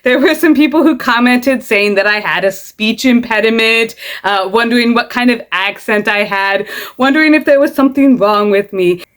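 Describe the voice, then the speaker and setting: A woman's voice: on the high side, moderate pace, fairly bright tone. A woman with an American Midwestern accent, earnestly explaining herself in a casual vlog, sometimes stumbling over her words. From Midwestern United States. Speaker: content creator.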